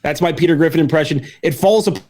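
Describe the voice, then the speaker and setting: A man's voice: a little high, fast, a little mellow. A man co-hosting a podcast in a playful, mock-earnest, joking chat. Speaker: podcast co-host.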